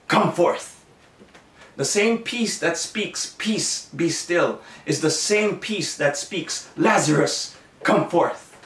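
A man's voice: high voice, far from the mic. A man preaching a sermon in an earnest way, often restarting his phrases, recorded at home. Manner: earnest, self-correcting preaching with many restarts. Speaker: pastor. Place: home room. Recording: echoey room, voice a bit off-mic.

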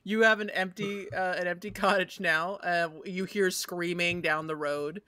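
Slow, bright-voiced game master. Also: medium pitch, steady tone, no room sound. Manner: slow, laughing, loose. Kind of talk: tabletop game narration.

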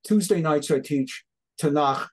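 A man's voice: on the high side, a little slow, breathy edge. Fiery rabbi in his sixties. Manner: fiery, ranting, rising to near shouts. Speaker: rabbi and guest. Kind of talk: impassioned talk show interview.

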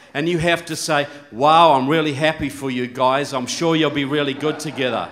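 A man addressing a conference audience in a fairly high voice. He complains in a mock-wounded, sarcastic deadpan, building his grievance for comic effect. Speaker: conference speaker. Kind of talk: public speech at a conference.

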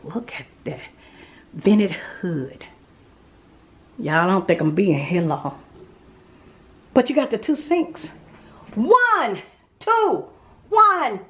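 A Southern American woman giving a chatty home-tour vlog, talking straight to her viewers with frequent laughs, filmed on a handheld camera inside a show home. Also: mid-range voice. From Mississippi, USA. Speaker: vlogger. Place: indoors in show manufactured homes. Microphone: handheld phone camera, later a small tripod.

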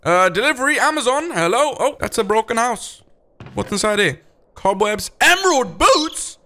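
A young man hosting a gaming video, giving excitable, jumpy gameplay commentary and talking to his viewers. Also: high voice, normal speed.

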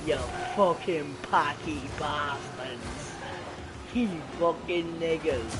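A man's voice: on the high side, heavy background noise. A young man giving crude, profane gameplay commentary. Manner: crude, profane trash talk. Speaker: gamer.

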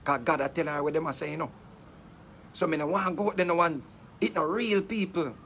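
High-voiced Jamaican man telling a story. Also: brisk, gravelly, a little hiss or hum. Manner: animated, laughing often, patois-heavy, dramatic retelling. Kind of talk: casual storytelling.

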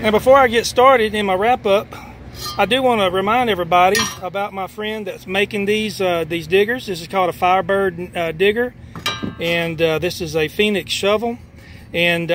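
Man, high voice, folksy, winded, outdoors, faint noise. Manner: folksy, chatty, many fillers. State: out of breath and overheated. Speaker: metal detecting vlogger and preacher. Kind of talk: casual outdoor vlog narration. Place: outdoors in a church back lot.

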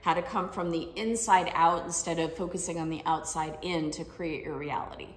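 A woman's voice: sits low, fairly even intonation, normal speed. A woman life coach giving a motivational talk, telling personal stories in a conversational way and often checking in with tag questions. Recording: roomy with long reverb.

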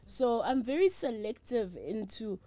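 This South African woman, a traditional healer appearing as an interview guest, talks candidly with emphasis and emotion, blending English with Zulu and Sotho. Her voice sits on the high side, with a sing-song lilt, a measured pace, and a warm tone.

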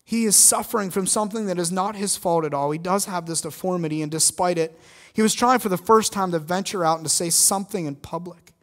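A man's voice: high voice, fairly quick, a bit bright. Male preacher reading a protective man's speech, earnest, firm, near own voice. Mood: indignant. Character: kind grown man defending a child.

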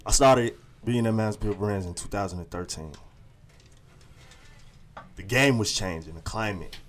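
A man's voice: on the low side, moderate pace. A man, talking casually and in slang as a radio interview guest. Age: 20s. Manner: laid-back slangy talk. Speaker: guest rapper and label owner.

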